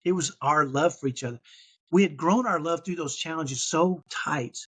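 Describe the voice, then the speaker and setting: Man, fifties, husky, slightly high voice, earnest storyteller, keeps asking "right?". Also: moderate pace. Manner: earnest, tags points with "right?". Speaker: podcast guest.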